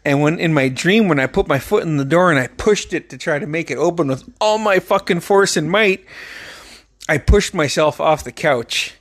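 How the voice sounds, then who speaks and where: A young man telling his dream stories in a casual monologue, swearing constantly and acting out the voices and yells. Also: a little high, normal speed, no echo. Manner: profane, animated, acts out quotes with loud yelps. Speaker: storyteller.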